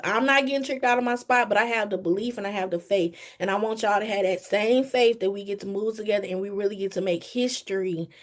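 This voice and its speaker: A woman giving an earnest, emphatic testimony on a group call, talking straight to her listeners. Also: mid-range voice. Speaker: team member giving a testimony. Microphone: phone or video call.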